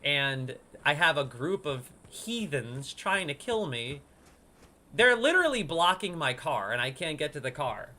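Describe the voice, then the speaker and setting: A man giving casual gameplay commentary as a streamer, excitable, swinging from hushed sneaking talk to loud outbursts. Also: on the high side, a little slow. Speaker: gaming streamer.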